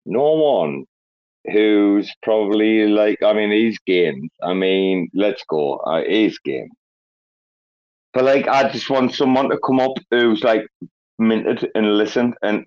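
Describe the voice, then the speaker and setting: A man hosting a casual online audio chat, excitable and swearing a lot, hyping people up. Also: lowish voice, a little slow. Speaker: host. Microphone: online audio call. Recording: slightly dull online audio.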